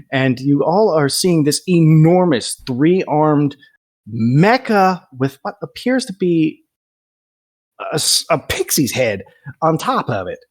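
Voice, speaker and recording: A man's voice: on the high side, slow pace. A young man runs a tabletop game, his voice swinging widely up and down as he narrates. He laughs easily and talks casually with his players. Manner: lively, laughs often. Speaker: game master.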